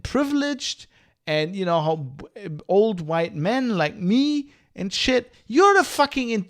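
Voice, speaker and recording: A man's voice: high voice, sing-song, takes it slowly. A man hosting a podcast livestream, ranting in a heated, profane, rambling way. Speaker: podcast host.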